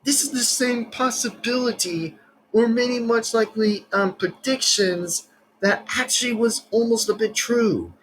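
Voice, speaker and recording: A man's voice: very high-pitched, measured pace, a bit bright, slight background noise, rough recording. A man hosting a reaction video, rambling and searching for words as he comments casually.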